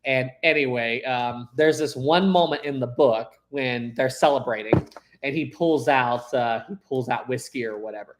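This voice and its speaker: A man's voice: mid-range voice, normal speed, very noisy. Chatty man hosting a live stream. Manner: chatty, rambling, laughs easily. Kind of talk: casual live chat with viewers.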